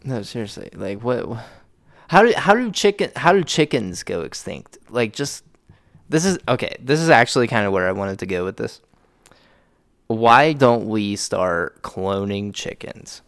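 A man co-hosting a casual podcast, tipsy, rambling and laughing, his voice jumping high when excited. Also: a little slow, no echo, studio quality. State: intoxicated. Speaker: podcast co-host.

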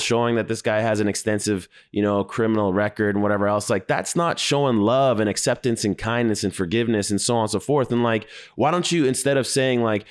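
A man giving casual reaction commentary on clips, talking bluntly and conversationally with frequent swearing. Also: mid-range voice.

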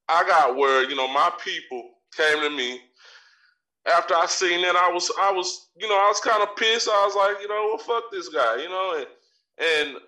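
A man's voice: on the high side, bright, forceful tone, recorded from a distance. A man ranting in profane, trash-talking commentary as a podcast co-host, often stumbling over and repeating his words. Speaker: podcast co-host with a wrestling segment. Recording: echoey room, voice off-mic.

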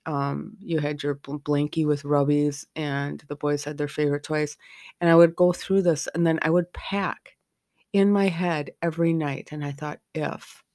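A woman's voice: deep voice, steady tone, moderate pace, darkish tone, dry recording, studio quality. A middle-aged woman hosting a podcast, talking frankly and candidly from her own experience. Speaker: podcast host. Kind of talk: candid personal podcast talk.

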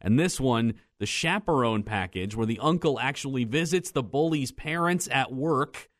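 A man reading the news on a morning radio show in the studio, with brisk, even delivery. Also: medium pitch, no room sound. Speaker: news reader. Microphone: studio microphone.

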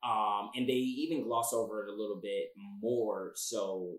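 A man's voice: on the low side, fairly even intonation, measured pace. A man co-hosting a podcast in casual chat, rambling with emphatic restarts. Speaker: podcast co-host. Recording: roomy echo.

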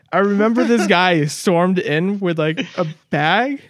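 Male co-host, high-pitched, rambling laughing storyteller, dry sound. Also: takes it slowly, no echo. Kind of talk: casual chat.

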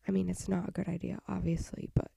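A woman's voice: lowish voice, level tone, fast talker, vocal fry, mellow, husky, no echo. A young woman hosting a solo podcast, tired and half-whispering as she rambles frankly through her thoughts with little sighs and laughs. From United States. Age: young adult. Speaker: podcast host. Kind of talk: casual solo podcast chat.

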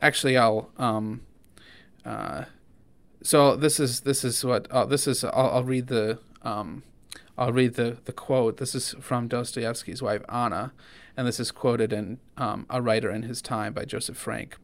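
A man co-hosting a faith and politics podcast, talking in an earnest, halting way with many restarts. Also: mid-range voice, steady tone, vocal fry. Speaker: podcast co-host. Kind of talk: casual conversational podcast.

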